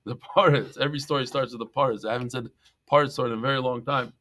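A man teaching a Talmud class, lively and joking as he tells stories and mixes in Hebrew and Yiddish terms. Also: medium pitch, rapid-fire.

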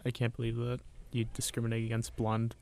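A man's voice: medium pitch, monotone, brisk, a little mellow, clean tone. A young man guesting on a podcast, joking and playing along with the teasing. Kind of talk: casual podcast banter. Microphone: studio microphone.

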